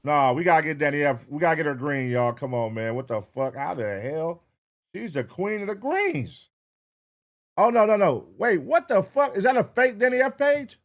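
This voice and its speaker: Hyped up guy streamer yelling at chat, voice jumps all over, cursing a lot. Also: a little high, moderate pace. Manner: loud, excitable, profane, animated. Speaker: streamer reacting to videos. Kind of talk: casual livestream chat.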